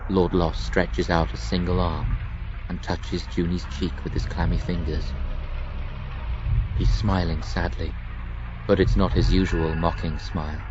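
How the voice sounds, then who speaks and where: A man narrating an audiobook with a dramatic, expressive reading. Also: low voice, a little slow, highs cut off, a little hiss or hum.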